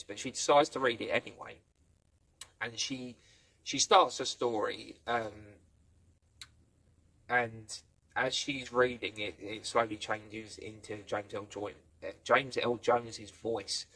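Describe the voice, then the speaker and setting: A man's voice: mid-range voice, steady tone, unhurried, pushed and bright. A man giving a casual spoken review, rambling through the plot and playfully acting out quoted lines. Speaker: film and TV reviewer.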